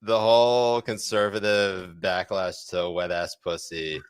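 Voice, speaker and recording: A man co-hosting a casual podcast, trading wry jokes with his partner. His voice sits on the low side and sounds smooth and resonant. The recording is dry and close, with no room sound. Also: level tone, measured pace, dry recording. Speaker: podcast co-host. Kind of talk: casual chat.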